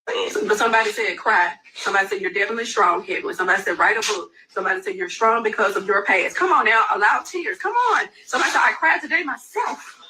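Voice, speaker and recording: A woman's voice: medium pitch, fast talker, bright, forceful tone. A woman giving a friend impassioned, preachy advice in an emphatic way. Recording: distant mic with faint background noise.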